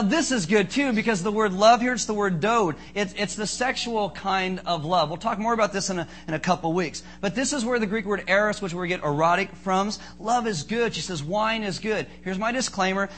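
A man preaching a sermon as pastor, joking and animated, acting out little asides for his congregation. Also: high-pitched, a little fast, few pauses, slight background noise.

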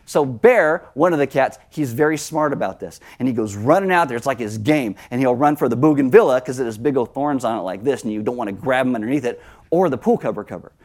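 A middle-aged man preaching a sermon as pastor, conversational, with lively asides. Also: mid-range voice, fast talker.

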